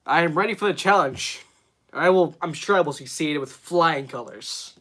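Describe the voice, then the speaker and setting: A man hosting a relaxed live stream about movies, chatting off the cuff. He rambles, leans on fillers, and reads chat questions back aloud. His talk sounds unscripted and conversational throughout. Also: on the high side, normal speed. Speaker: streamer host.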